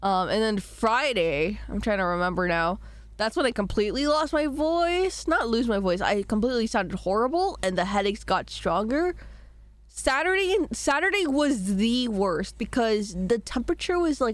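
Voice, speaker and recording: A woman's voice: mid-range voice, no echo. A young woman streaming at home, chatting in a rambling, self-deprecating way while recovering from a cold, her throat itchy and a cough breaking in now and then. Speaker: VTuber streamer. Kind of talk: casual live-stream chat.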